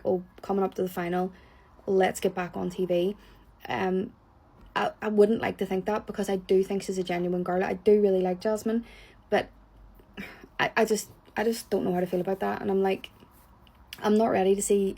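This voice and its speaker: A woman's voice: medium pitch, vocal fry, mellow, breathy edge. A woman with a Northern Irish accent, chatting casually about a reality show, blunt and opinionated, swearing freely, hot and sweaty as she talks. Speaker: reality TV reviewer. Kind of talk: casual reaction chat.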